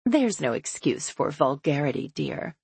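A woman's voice: low voice, very animated, measured pace, gravelly, darkish tone, slightly rough, no echo, full character voice. Woman doing a prissy pearl-clutching mom, disapproving and proper. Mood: prim. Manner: prim and disapproving. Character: prim disapproving older mother.

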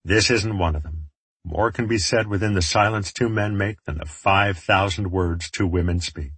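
A man's voice: deep voice, normal speed, a bit bright, husky, dry recording. A man narrating an audiobook in the first person, with a wry, reflective storytelling manner.

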